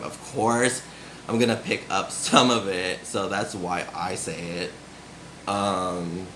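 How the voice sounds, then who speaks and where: A man's voice: on the low side, fairly bright tone. A man from the United States vlogging to camera in a casual, rambling way, with many "like"s and restarts. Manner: loose, filler-heavy talk with many "like"s and restarts. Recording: roomy echo with faint background noise.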